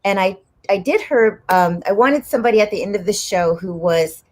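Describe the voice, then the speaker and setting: A woman talking as a guest on a chat show, telling a long story in a rambling, animated way and laughing often. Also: mid-range voice, moderate pace. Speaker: guest actress and comedian. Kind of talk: casual chat.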